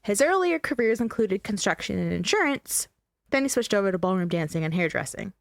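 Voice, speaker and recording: A woman's voice: medium pitch, big pitch swings, brisk, vocal fry, dry recording, clean studio sound. A woman hosting a podcast, telling a true-crime story in a chatty, joking, emphatic way. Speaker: podcast host.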